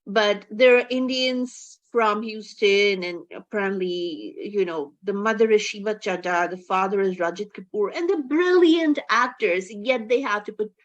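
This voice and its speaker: A woman's voice: medium pitch, a little slow, few pauses, muffled recording. A woman co-hosting a casual film review chat, talking emphatically and with exasperation, often stumbling and restarting her sentences.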